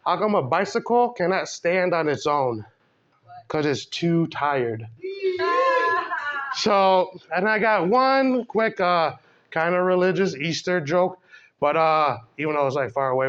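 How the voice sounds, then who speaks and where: A young man with a fairly high voice works through a stand-up set, swearing freely and padding every line with fillers. It sounds like a small comedy room, and the recording is dull and lo-fi. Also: a bit bright. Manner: profane, rambling with constant fillers. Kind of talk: stand-up set at an open mic.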